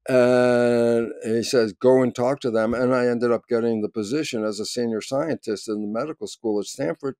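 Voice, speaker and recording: An older man, a scientist, telling a story in conversation with lively energy, acting out quoted voices and rising to near shouts. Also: medium pitch, no echo. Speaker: guest scientist.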